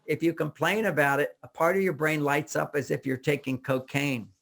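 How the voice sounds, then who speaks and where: Animated older man, somewhat high voice. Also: moderate pace, vocal fry. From United States. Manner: animated, acts out cries and quoted voices. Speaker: relationship author and speaker. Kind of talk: casual talk.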